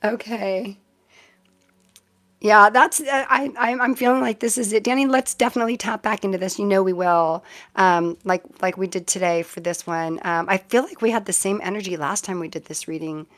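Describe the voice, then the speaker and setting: A woman's voice: medium pitch, normal speed, a bit bright. A middle-aged woman hosting a casual live-stream tarot reading, chatty and easily sidetracked, often breaking into giggles.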